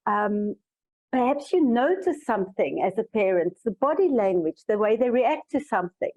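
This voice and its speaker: A woman's voice: on the high side, a little mellow, highs cut off. A woman coach answering a panel question in a thoughtful, earnest way, often restarting her sentences. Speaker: coach and summit speaker.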